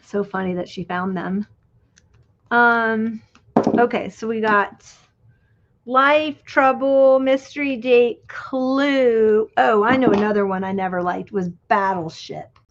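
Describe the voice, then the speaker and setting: A middle-aged woman hosts a crafting livestream, chatting in an unhurried, rambling way and losing her thread as she works with her hands. Her voice sits a little high. The audio sounds dull and lo-fi. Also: steady tone, slight background noise. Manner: chatty and reminiscing, trails off while working. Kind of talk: casual chat while crafting.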